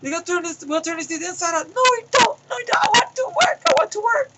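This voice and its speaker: A man voicing a whiny, panicky male junkie patient who yelps indignant complaints in a high, strained voice. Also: sing-song, fast, very noisy. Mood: outraged.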